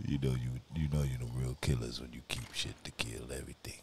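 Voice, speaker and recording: Very deep, gravelly streamer man. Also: steady tone, fairly quick, hardly any pauses, slight background noise. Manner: profane, often drops to a whisper. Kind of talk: live gameplay commentary.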